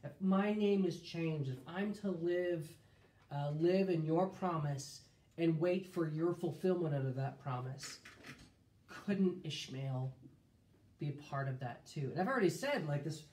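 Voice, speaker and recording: A man's voice: a little high, measured pace, darkish tone. A man leading a casual Bible study, thinking aloud with restarts and reading scripture in a lifted voice. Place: room streamed live. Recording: roomy echo.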